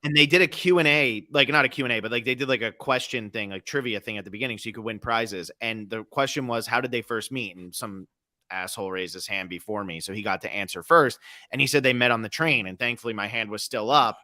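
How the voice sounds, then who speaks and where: Brief: young man, podcast co-host, bright tone, lively storyteller. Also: medium pitch, fast talker. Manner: animated storyteller, acts out quotes. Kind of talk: casual movie chat.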